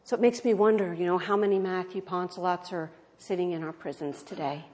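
A woman minister giving a sermon, telling stories and swinging from loud exclamations to hushed tones. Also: on the low side, steady tone, a little fast.

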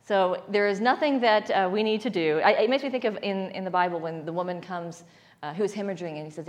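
A woman's voice: medium pitch, quick pace. A woman leading a spiritual talk with a congregation, telling stories playfully and laughing often. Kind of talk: spiritual talk with call-and-response.

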